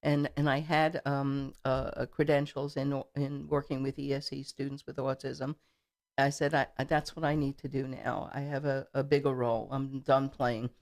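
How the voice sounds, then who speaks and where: A woman's voice: extremely low pitch, little pitch movement, normal speed, a little mellow. A middle-aged woman guest in a studio interview, telling a story in a chatty way, with frequent fillers and repeated words. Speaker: political candidate, guest.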